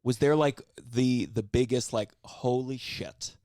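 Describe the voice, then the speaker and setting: A man's voice: medium pitch, takes it slowly, mellow, dry recording, clean studio sound. A man hosting a podcast, asking his guest questions and riffing playfully, sometimes quoting people in put-on voices. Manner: playful, asks questions, riffs with quoted voices. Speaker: podcast host. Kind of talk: casual podcast chat.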